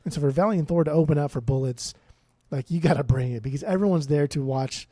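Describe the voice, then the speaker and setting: A man's voice: fairly high pitch, fast talker, warm tone, no echo, clean studio sound. A man in his thirties co-hosting a casual podcast, swearing freely and sometimes fumbling words. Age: 30s. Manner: profane, fumbles words, loose. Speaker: podcast co-host.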